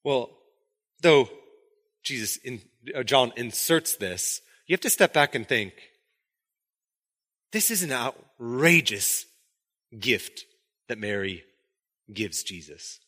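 A man's voice: mid-range voice, takes it slowly, long pauses. A man preaching a sermon in a conversational way, acting out quotes from the story as he goes. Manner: conversational, animated, acts out quotes. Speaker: pastor.

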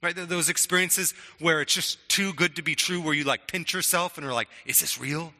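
A man's voice: fairly high pitch, steady tone, brisk, pushed and bright, big-room sound. A middle-aged man preaching a sermon in a conversational way, often stammering on restarts and checking in with "right?". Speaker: pastor.

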